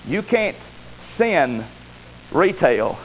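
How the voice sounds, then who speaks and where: A man preaching a sermon with emphatic delivery, rising to loud exclamations and dropping to low asides. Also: big pitch swings, drawn-out words. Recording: tinny phone-like sound with faint noise.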